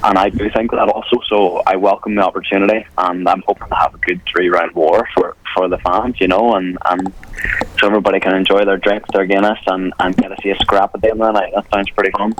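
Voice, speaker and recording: A young MMA fighter from Northern Ireland, with a deep voice and a Northern Irish accent, answers a talk radio interview by phone amid background noise. He talks fast in a steady tone, confident and blunt, swearing casually.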